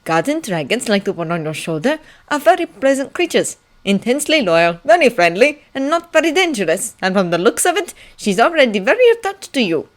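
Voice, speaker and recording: Woman doing a wry old librarian guy, gentle and knowing, storybook. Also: on the high side, sing-song, brisk, hardly any pauses, pitched above the performer's own voice.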